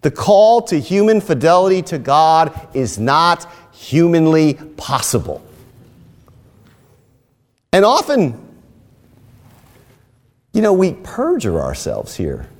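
A man preaching a sermon, telling stories and rising into emphatic, animated lines. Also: on the high side, slow, pauses often. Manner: animated storytelling with emphatic rises. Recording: long hall reverb.

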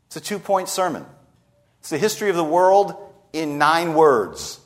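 A man's voice: a little high, moderate pace. A man preaching a sermon, retelling a scripture story and voicing the people in it. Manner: lively storytelling preacher, voicing quoted speakers. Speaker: pastor.

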